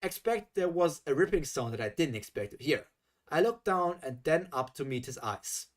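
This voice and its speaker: A man's voice: on the high side, moderate pace. A man reading a fan story aloud on a live stream, breaking off into exasperated reactions. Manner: animated, exasperated asides.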